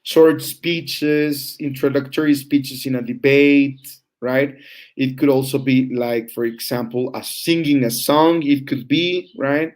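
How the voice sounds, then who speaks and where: A man's voice: medium pitch, steady tone, slow, a little mellow. Man teaching an online class. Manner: explains with frequent "right?" checks and fillers. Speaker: teacher trainer.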